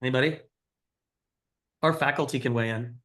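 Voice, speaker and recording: A man's voice: medium pitch, normal speed, fairly bright tone. A middle-aged man giving a conversational teaching lecture, explaining and quizzing his audience. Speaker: cardiology lecturer.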